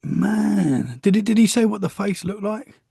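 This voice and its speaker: Podcast host, man, high and gravelly, keen and chatty. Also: expressive, unhurried, mellow, no room sound, clean studio sound. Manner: short enthusiastic reactions, says "man" often. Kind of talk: casual podcast chat.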